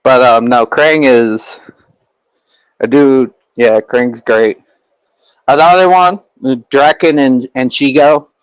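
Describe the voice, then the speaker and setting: A man's voice: mid-range voice, slow pace, clear, resonant tone, no room sound, rough recording. Rambling young man chatting with viewers. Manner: rambling, many fillers and restarts. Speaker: streamer. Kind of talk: casual chat with viewers.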